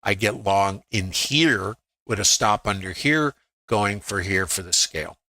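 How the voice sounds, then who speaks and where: Bright-toned man thinking aloud over charts. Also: on the low side, measured pace, no room sound. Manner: thinks aloud, acts out his own inner voice. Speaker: trading educator on a live stream. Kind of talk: live screen-share trading review.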